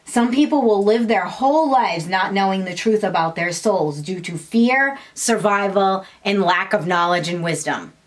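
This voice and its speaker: A woman's voice: mid-range voice, normal speed, hardly any pauses. A young woman talking casually about spiritual awakening to her viewers, blunt and full of swearing, sometimes acting out the voices of others. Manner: blunt, swears freely, laughs, acts out quoted voices. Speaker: spiritual vlogger. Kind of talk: casual spiritual talk to camera.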